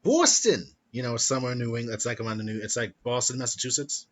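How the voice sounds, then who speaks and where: A man hosting a casual podcast chat, playful and quick to laugh, recap-style talk. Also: medium pitch, little pitch movement. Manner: playful, laughs often, slips into silly voices. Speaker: podcast host.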